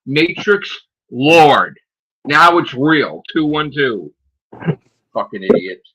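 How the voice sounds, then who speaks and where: A man's voice: fairly high pitch, very animated, takes it slowly, a bit bright, husky, low-quality recording. A man, ranting profanely and mocking on a casual stream chat as host. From United States. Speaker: channel host.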